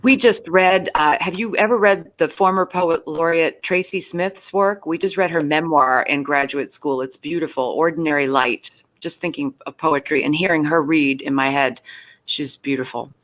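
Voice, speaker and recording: A woman's voice: low voice, moderate pace. A woman guest author chatting in an interview, thinking aloud with hesitant restarts over a video call. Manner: thoughtful, hesitant, warming up as she talks. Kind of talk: casual interview chat.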